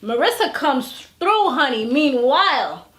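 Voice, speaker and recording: A woman vlogger giving a casual, gossipy recap of a TV episode, animated and full of slang, often acting out what people said. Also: high-pitched, a little slow. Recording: echoey room.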